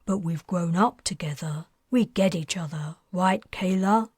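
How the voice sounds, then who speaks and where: A woman's voice: lowish voice, unhurried, darkish tone, breathy edge, dry recording, clean studio sound. Woman voicing a earnest teenage boy. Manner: earnest, explaining at length. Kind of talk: audiobook character voice.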